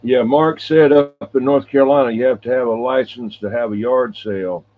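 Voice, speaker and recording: A man's voice: medium pitch, fairly even intonation, moderate pace, slight background noise. A man chatting casually on the radio, explaining his old radio set in an easygoing way with filler words. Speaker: radio hobbyist. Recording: tinny radio transmission.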